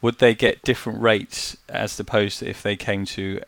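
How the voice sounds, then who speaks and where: A man co-hosting a podcast, asking measured, probing interview questions. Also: on the low side, little pitch movement, vocal fry, a bit bright, no echo.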